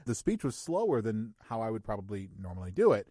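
A male voice actor with a deep voice, telling stories with energy and laughing in a podcast interview. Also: fast, few pauses, no room sound, studio quality. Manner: animated storytelling, laughing.

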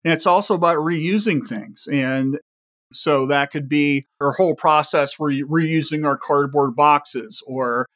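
A man's voice: a little high, a little slow, a bit bright. A man on a podcast panel, explaining shop sustainability and asking many rhetorical questions.

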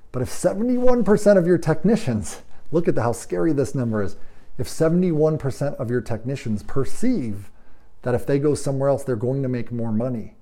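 Speaking at a medium pitch in a mellow voice, a man gives a training talk to shop managers in automotive service. He's emphatic, leans on rhetorical questions and acts out snippets of dialogue.

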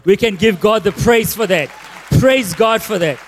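A man's voice: sits high, normal speed, a faint crowd, a little hiss or hum. A man hosting a church service, reading out a guest's bio with teasing asides. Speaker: church host introducing the speaker. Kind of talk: reading a speaker introduction. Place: church auditorium. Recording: long hall reverb.

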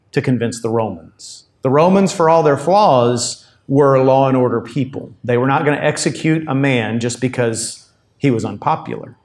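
Conversational pastor preaching. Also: male voice, medium pitch, darkish tone. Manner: conversational, explains with asides. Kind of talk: sermon.

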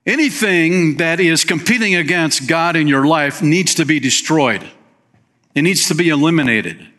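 A male pastor preaching a sermon, reading scripture aloud and commenting with lively emphasis in a folksy way. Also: a little high, normal speed. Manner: folksy, uses fillers and plain phrases.

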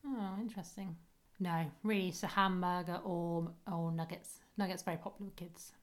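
A woman's voice: fairly low pitch, steady tone, moderate pace. A woman co-hosting a podcast, chatting casually with hesitant restarts. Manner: chatty, hesitant, laughing often. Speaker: podcast co-host. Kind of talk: casual chat recapping a sitcom.

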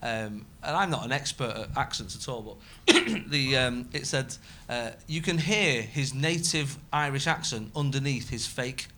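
A man, a comedian chatting casually as a guest, rambling and self-mocking with bursts of loud laughter. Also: medium pitch, unhurried, hardly any pauses, a little hiss or hum. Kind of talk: casual podcast chat.

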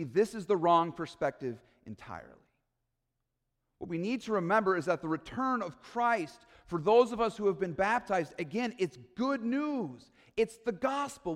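A man's voice: high voice, long reverb tail. A man preaching a sermon in a church, earnest and pleading, building to emphatic peaks. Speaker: pastor.

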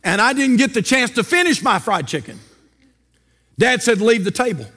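A man's voice: very high-pitched, expressive, moderate pace, pushed and bright, breathy edge, long reverb tail. An older man preaching a sermon as pastor, folksy and storytelling, with rhetorical questions. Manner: folksy, asks rhetorical questions and tells stories.

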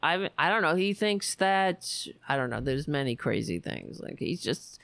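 A woman hosting a political talk show, speaking indignantly and profanely, with many halting restarts. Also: deep voice, expressive, gravelly, a bit bright, no room sound. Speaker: podcast host.

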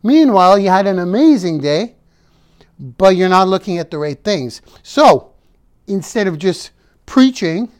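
A man's voice: high voice, big pitch swings, measured pace, clean tone. A man giving a casual motivational talk, playful and emphatic, breaking off to sing and repeating words for effect. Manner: playful, self-interrupting, sings snippets; emphatic repetition. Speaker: motivational vlogger.

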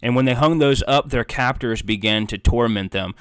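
A man's voice: medium pitch, moderate pace, few pauses, smooth, no room sound. A man preaching a heartfelt sermon as a pastor, earnest and emotional, building emphasis through repeated phrases.

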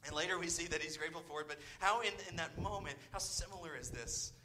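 Pastor guy preaching, bright forceful voice, repeats himself a lot, faint hum in the room. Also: fairly high pitch, fast talker, low-quality recording. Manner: earnest, repeats words, drops to near whisper at times. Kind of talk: sermon.

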